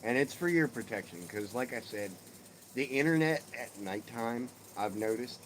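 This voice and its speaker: A man's voice: medium pitch, expressive, normal speed, a little hiss or hum, rough recording. A middle-aged man hosting a casual live stream from his porch, swearing freely and cracking jokes. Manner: profane, joking banter. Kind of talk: casual chat with viewers. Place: outdoors on a home porch.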